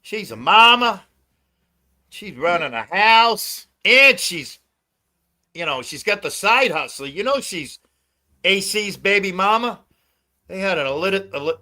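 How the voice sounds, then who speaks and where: A man's voice: sits high, expressive, measured pace, bright, forceful tone. A man hosting a casual livestream, ranting with lots of swearing and frequent laughter. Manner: profane ranting, laughs often. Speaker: livestream host.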